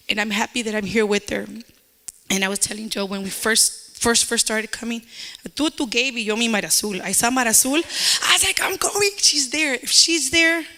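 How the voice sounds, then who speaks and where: A woman's voice: medium pitch, bright, forceful tone. A middle-aged woman giving an emotional personal testimony at church, repeating herself and slipping into Spanish phrases.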